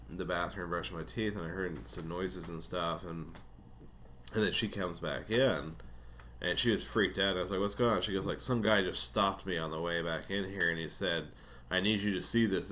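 A man's voice: low voice, sharp tone, slight background noise. A man casually telling a rambling personal story, swearing often and laughing between lines.

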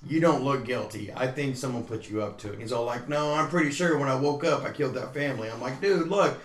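A man's voice: medium pitch, fast talker, echoey room. A man casually telling stories among friends, acting out quotes in changing voices. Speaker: podcast co-host. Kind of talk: casual storytelling chat.

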